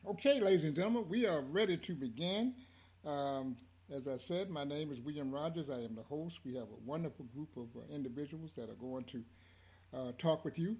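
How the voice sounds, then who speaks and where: A man hosts a discussion program in a somewhat high, husky voice. He talks haltingly, stopping and restarting with frequent fillers as he gathers his thoughts. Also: a little mellow. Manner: hesitant, many fillers and restarts. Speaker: host.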